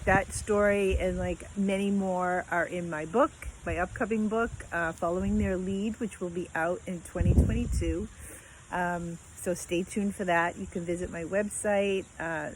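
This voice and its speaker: Slow-talking heartfelt woman. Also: fairly low pitch, poor audio. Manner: heartfelt, rambling with many fillers. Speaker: vlogger. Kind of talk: casual storytelling. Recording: faint background noise.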